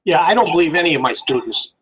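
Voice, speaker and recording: A man's voice: on the high side, lively intonation, fast talker, a bit bright. A man teacher on a video call, talking bluntly and stumbling over his words. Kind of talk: casual meeting talk. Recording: noisy background on a call.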